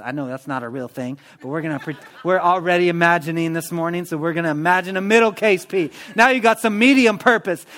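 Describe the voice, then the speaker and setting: A man preaching a sermon in a church, in a lively, conversational manner that acts out everyday prayers. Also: fairly high pitch. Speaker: pastor.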